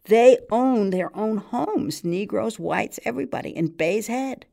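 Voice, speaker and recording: A woman's voice: on the high side, expressive, unhurried, vocal fry, mellow, pitched above the performer's own voice. A woman reading aloud, voicing a weighty older man who speaks with grand, mocking irony. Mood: gleeful. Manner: sardonic, grandly ironic.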